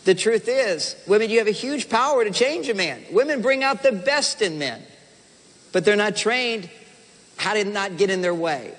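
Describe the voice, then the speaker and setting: Animated high-voiced man lecturing in a hall. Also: moderate pace. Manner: animated, playful, acts out spouses' voices. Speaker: relationship speaker. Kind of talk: seminar talk to a live audience. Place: large hall with audience. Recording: reverberant hall sound.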